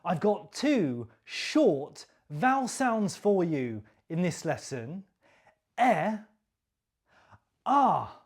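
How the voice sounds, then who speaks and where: Slow, lilting woman teaching pronunciation. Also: on the low side, a little mellow. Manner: careful, deliberate enunciation with exaggerated intonation for repetition. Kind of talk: slow scripted pronunciation drill.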